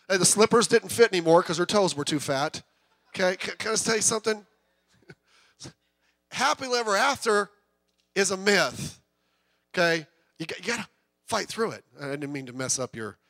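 A man's voice: sits high, a bit bright, no echo. A middle-aged man preaching a sermon in a conversational, joking way that swells into bursts of intensity. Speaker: pastor.

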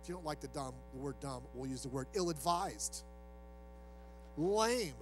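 A man's voice: fairly high pitch, lively intonation, normal speed, a little hiss or hum, poor audio. A male pastor preaching a sermon in a loose, conversational way, acting out quoted voices as he goes.

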